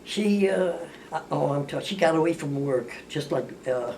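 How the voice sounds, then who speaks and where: Sharing family stories in a relaxed, rambling way, an older woman keeps restarting and correcting herself while performing the voices of the people she describes. She sounds low, expressive and darkish in tone, at a moderate pace. The recording comes from a distant mic with faint hiss behind it.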